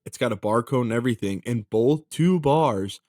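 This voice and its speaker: A man's voice: mid-range voice, animated, moderate pace, darkish tone, no echo, clean studio sound. A man of twenty-six, a podcast co-host in casual chat, who is laid-back, swears and says "dude" a lot.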